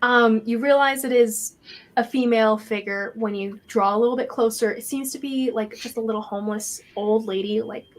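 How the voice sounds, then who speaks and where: A woman's voice: fairly high pitch, fairly even intonation, normal speed. A woman narrating as game master, describing scenes with many fillers.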